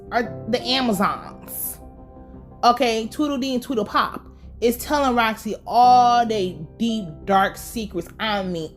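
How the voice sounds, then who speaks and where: A woman giving a casual, blunt and profane recap of a TV episode. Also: on the high side. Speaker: TV recap vlogger.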